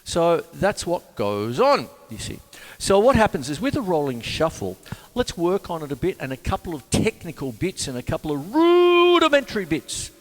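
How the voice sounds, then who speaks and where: Chatty Australian drum teacher counting beats. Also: male voice, a little high, huge pitch swings, normal speed, big-room sound. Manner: chatty, rambling, counts beats aloud, keeps saying "you see". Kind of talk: casual music lesson.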